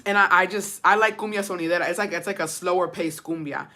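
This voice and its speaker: A woman's voice: on the low side, fast talker, sharp tone. A woman streamer from Texas chatting casually with viewers, switching between English and Spanish, swearing freely. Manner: bilingual code-switching, profane, chatty. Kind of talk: casual chat.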